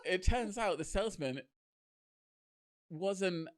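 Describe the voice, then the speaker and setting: A man co-hosting an improvised comedy podcast, narrating a silly story with laughs and quick character voices on a close mic. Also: high-pitched, lively intonation.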